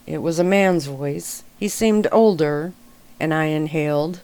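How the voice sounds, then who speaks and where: A woman reading a story aloud in a gentle, calm, unhurried way. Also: deep voice, clear, resonant tone. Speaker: reader. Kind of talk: soft-spoken story reading.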